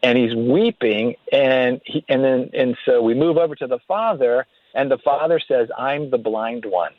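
A man's voice: mid-range voice, moderate pace, no echo. A man, a guest on a radio interview, telling stories earnestly and often restarting his sentences. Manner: earnest, faith-filled storytelling with frequent restarts. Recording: tinny phone-line sound.

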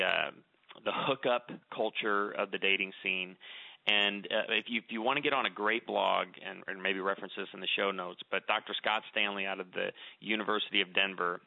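Gravelly earnest man on a phone-like line. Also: lowish voice, no echo. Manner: earnest, preachy, repeats words when starting. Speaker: radio show guest speaker on marriage. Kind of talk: conversational radio interview. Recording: dry, narrow phone-like sound.

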